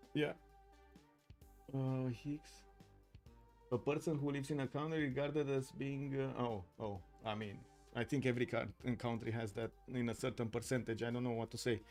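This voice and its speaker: A man's voice: mid-range voice, darkish tone. Romanian man casting a strategy game. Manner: rambling, many fillers and restarts. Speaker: esports caster. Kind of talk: live game commentary, reading chat.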